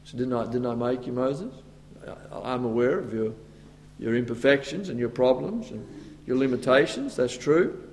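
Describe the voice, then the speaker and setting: A man's voice: mid-range voice, lively intonation, normal speed, darkish tone, a little hiss or hum. A man preaching a sermon, acting out the voices of Moses and God with stammers and asides. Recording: long hall reverb.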